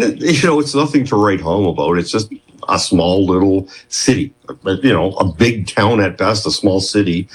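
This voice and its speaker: A man's voice: fairly low pitch, slightly rough, poor audio. A man in his fifties, a guest on an interview show, telling a long story in a rambling, self-interrupting way.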